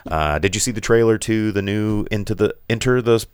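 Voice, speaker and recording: A man's voice: on the low side, a little fast, clear, resonant tone, dry recording. A man co-hosting a podcast in casual chat, running through numbers with frequent self-corrections and fillers. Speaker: podcast co-host.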